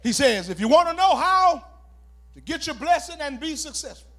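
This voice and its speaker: A pastor preaching a sermon, calling for responses and shouting key words as he repeats phrases. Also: very high voice, very animated, normal speed.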